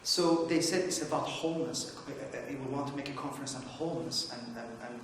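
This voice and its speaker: A man's voice: medium pitch, brisk, a bit bright, a little hiss or hum. A middle-aged man giving informal opening remarks at a conference, rambling through anecdotes with many fillers and restarts. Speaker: conference speaker. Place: conference hall. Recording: echoey hall, distant mic.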